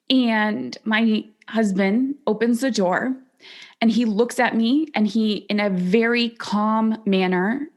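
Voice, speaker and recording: A woman in her forties, a podcast host, telling a personal story in a reflective, earnest way and slowing down on the words she stresses. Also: medium pitch. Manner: reflective, earnest, slows down on emphatic phrases.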